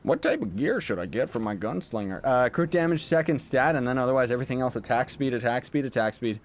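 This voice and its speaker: A young man with a medium-pitched voice chats casually on a game livestream, answering viewers' questions playfully and joking around. He talks quickly with big swings in pitch, while game music plays behind him and there's slight background noise.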